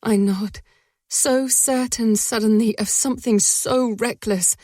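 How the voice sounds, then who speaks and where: A woman narrating a first-person romance audiobook in a soft, breathy voice that often sinks to a whisper. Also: fairly high pitch, steady tone, takes it slowly, no room sound, studio quality.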